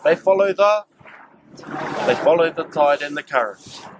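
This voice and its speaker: Man, New Zealand accent, guide for a group, engaging and quizzing, slightly raised pitch. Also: expressive, a little slow, noisy background. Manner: engaging, asks the group questions. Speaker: cultural guide leading staff. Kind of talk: outdoor cultural site talk to a group.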